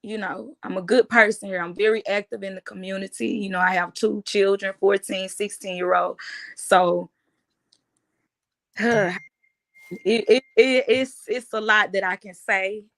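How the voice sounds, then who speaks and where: A woman, giving a halting, emotional personal account in an interview, often restarting her phrases. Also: medium pitch, steady tone, gravelly, fairly bright tone. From United States. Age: 30s.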